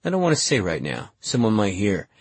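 Man doing a scheming schoolboy, hushed, slow, conspiratorial, husky, dry close mic. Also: fairly low pitch, wildly swooping pitch, dry recording, exaggerated voice. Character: scheming, calm, quiet adolescent boy.

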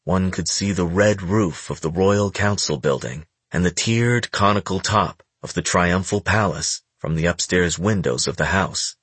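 Low husky male audiobook narrator. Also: a little slow, few pauses, fairly bright tone, no room sound. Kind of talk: scripted narration.

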